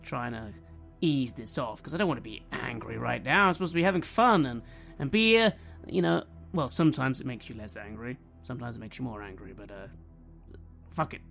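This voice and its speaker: A man's voice: mid-range voice, fairly quick, creaky, fairly bright tone, soft background music. A man playing a brash, hot-tempered young party guy in a tabletop game, swearing and blustering. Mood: irritated. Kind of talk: in-character tabletop role-play.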